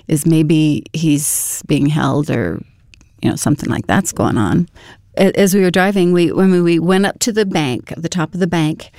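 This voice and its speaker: A woman's voice: low-pitched, warm tone, dry recording, studio quality. A woman telling a personal story as a guest, chatty with many fillers and self-corrections.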